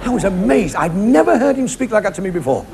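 A man works through a stand-up routine in a high, lively voice, firing off quick jokes and slipping into broad mimicry. It is a live recording, with a laughing crowd and steady noise around him. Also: vocal fry. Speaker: stand-up comedian. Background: laughing audience.

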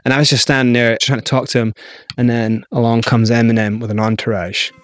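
A man's voice: mid-range voice, flat delivery, fairly quick, dry recording, clean studio sound. A Scottish man, an interview guest, telling a story candidly and acting out other people's lines.

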